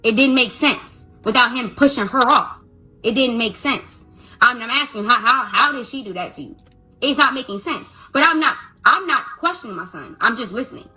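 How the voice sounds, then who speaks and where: A woman tells a story about her child with raw emotion, her voice bright and forward and pitched a little high. She stammers and repeats herself while replaying conversations, with faint music behind her. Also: expressive, normal speed. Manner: stammering, retells dialogue. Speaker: mother telling her story.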